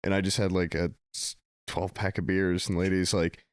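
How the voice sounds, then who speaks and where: A man's voice: low-pitched, level tone, fairly quick, no room sound. A young adult man chatting casually on a podcast, telling laid-back stories full of swearing and acted-out quotes. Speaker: podcast co-host. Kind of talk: casual chat.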